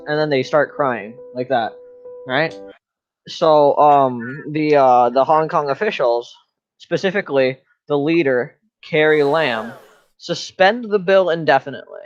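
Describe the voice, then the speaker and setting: A man's voice: a little high, measured pace, dull audio, soft background music. A man giving a joking class presentation in a slangy, rambling, mock-serious way. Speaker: student presenter.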